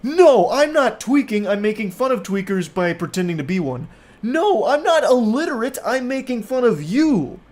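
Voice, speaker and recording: A man's voice: extremely high pitch, very animated, moderate pace, voice pushed up. A man putting on the voice of a childish, self-righteous man in his forties who whines indignantly. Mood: defensive. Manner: whiny, indignant shouting.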